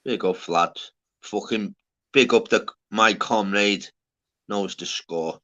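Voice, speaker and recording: This is a man hosting a livestream, chatting loosely to his viewers. He rambles in slangy bursts and keeps tagging "lad" onto things. His voice has a bright, forward tone. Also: on the low side, slow. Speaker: livestream host. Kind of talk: casual livestream chat.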